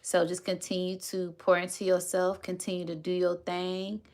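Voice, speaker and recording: A woman's voice: lowish voice, completely flat delivery, moderate pace, darkish tone. Chatty woman livestreaming. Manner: chatty, thanks viewers often, says y'all. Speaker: spiritual livestream host. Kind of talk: casual livestream chat to viewers.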